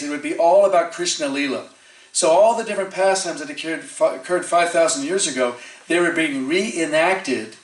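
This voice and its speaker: Man telling temple stories in echoey hall. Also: fairly high pitch. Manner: animated storyteller acting out quoted voices, frequent fillers. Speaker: temple speaker. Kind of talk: storytelling sermon. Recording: echoey hall, distant mic.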